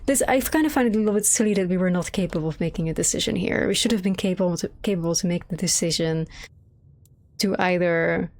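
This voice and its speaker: A woman's voice: lowish voice, quick pace, a little mellow. A young adult woman streaming a video game, rambling casually, swearing a lot and mocking what she sees in sarcastic quoted voices. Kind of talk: casual live-stream commentary.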